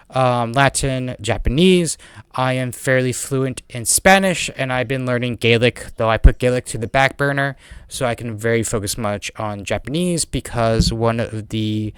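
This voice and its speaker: Fast-talking man with a heavy accent. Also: medium pitch, clear, resonant tone, no echo. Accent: heavy non-native accent. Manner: rambling, fast talker with many fillers and restarts. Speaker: podcast host. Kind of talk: casual chat.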